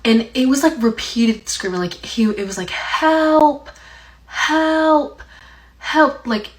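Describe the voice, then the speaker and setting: A woman's voice: fairly high pitch, moderate pace, darkish tone, poor audio. A young woman from Appalachia, telling a story in a casual, rambling way with lots of "like". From Appalachia, USA. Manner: rambling, heavy use of "like". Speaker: TikTok storyteller.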